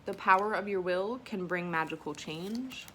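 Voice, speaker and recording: Her medium-pitched voice moves at a moderate pace, with a little hiss or hum in the background. She's unboxing at home for a vlog and reading affirmation cards, emotional and self-conscious, a bit teary from crying and sometimes soft and tearful.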